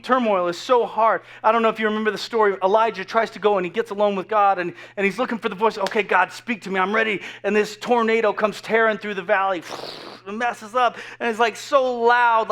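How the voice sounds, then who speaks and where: Higher-voiced man preaching an earnest sermon. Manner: animated, earnest preaching with many restarts and repeated words; drops to a soft hush for quoted whispers. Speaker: pastor.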